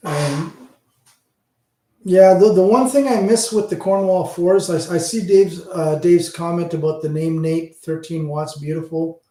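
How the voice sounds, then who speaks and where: A man's voice: a little high, a little slow, mellow, echoey room. A man in his fifties from Hamilton, Ontario, with a Canadian accent, tipsy and rambling profanely while chatting with viewers on his livestream. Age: 50s. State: tipsy from drinking. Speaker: livestream host. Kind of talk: casual livestream chat with viewers.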